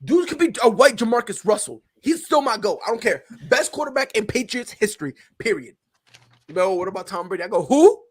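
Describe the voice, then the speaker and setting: A man hosting a sports talk show, joking loudly and acting out little scenes as he argues. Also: high-pitched, sing-song, a little fast, husky. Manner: loud, joking, acts out voices. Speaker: show host.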